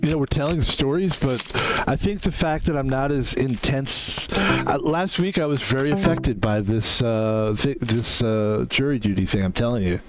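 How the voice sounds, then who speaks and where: Man, mid-pitched, rambling poker commentary, swears freely, game music behind. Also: moderate pace. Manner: chatty, rambling, swears freely, talks about himself in third person. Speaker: streamer playing poker. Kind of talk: casual gameplay commentary.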